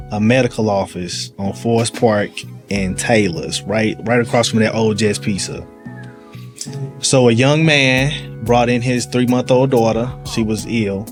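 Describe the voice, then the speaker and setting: St guy spinning a story, slangy, does all the voices, faint music behind. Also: lowish voice. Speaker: police sergeant guest. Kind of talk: casual storytelling conversation. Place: live event venue.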